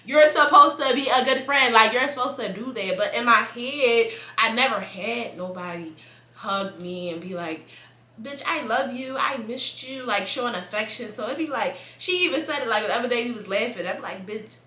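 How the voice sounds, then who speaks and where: A young woman, chatting casually to camera in a blunt, profane and animated way, laughing often. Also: on the high side, moderate pace, echoey room. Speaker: vlogger.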